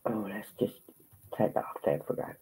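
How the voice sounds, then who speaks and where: A man's voice: fairly low pitch, normal speed, gravelly, warm tone, breathy edge, poor audio. A man hosting a casual livestream, rambling and stopping mid-thought while he sorts out his screen. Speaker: livestream host. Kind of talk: casual chat about a case.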